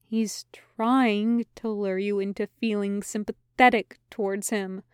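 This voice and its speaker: A woman voicing a malicious male voice in someone's head, slow, hissing and coaxing. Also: mid-range voice, steady tone, clear, resonant tone, dry recording, studio quality, natural voice. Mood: menacing.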